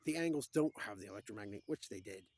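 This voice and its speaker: A middle-aged man telling rambling stories in a preachy monologue, swinging from loud to quiet. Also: lowish voice, animated, fast, slightly rough, no room sound. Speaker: speaker.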